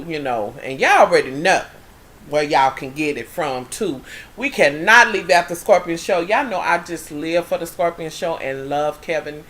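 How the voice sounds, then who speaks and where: A woman vlogging casually to her viewers, chatty and rambling, often trailing off and calling them y'all. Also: on the low side. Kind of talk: casual chat to camera.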